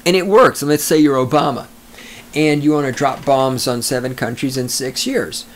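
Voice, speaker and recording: A man's voice: medium pitch, steady tone, moderate pace, a little hiss or hum. A male podcast host reading news stories and mocking them with crude jokes, often breaking into laughter. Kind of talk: sarcastic news commentary.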